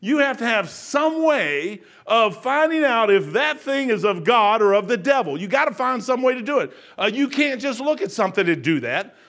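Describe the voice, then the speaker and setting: A man's voice: very high voice, sing-song, normal speed, few pauses, a bit bright. A man in his sixties preaching a sermon in an emphatic, folksy, repetitive way. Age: 60s. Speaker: pastor.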